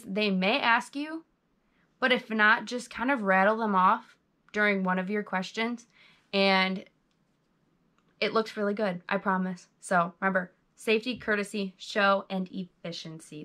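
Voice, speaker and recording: A woman's voice: mid-range voice, pushed and bright. A young woman giving chatty, bubbly interview tips to her viewers, recorded on a GoPro camera. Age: young adult. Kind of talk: casual tips vlog.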